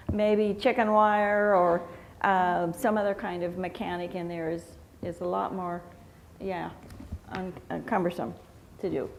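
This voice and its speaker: A woman teaching flower arrangement at a live seminar, explaining slowly with fillers and restarts. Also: medium pitch. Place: convention hotel meeting room.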